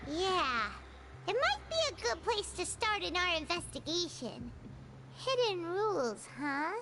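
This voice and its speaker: A woman's voice: very high voice, very animated, measured pace, exaggerated voice. A woman voicing a tiny, chirpy floating female fairy-like companion in a video game who talks about herself in the third person. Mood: chatty. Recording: noisy game audio.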